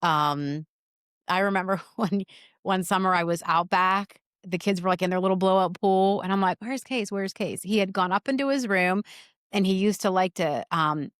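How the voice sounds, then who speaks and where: A woman in her forties, a mother talking earnestly in an interview, in quick bursts with many restarts. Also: on the low side, smooth, no room sound, clean studio sound. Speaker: guest, mother. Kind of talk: conversational interview.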